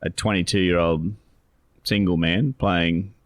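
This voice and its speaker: A man's voice: low-pitched, steady tone, slow pace, no room sound. A man, co-hosting a podcast in a loose, rambling chat full of restarts and fillers. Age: 40s. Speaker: co-host, financial adviser.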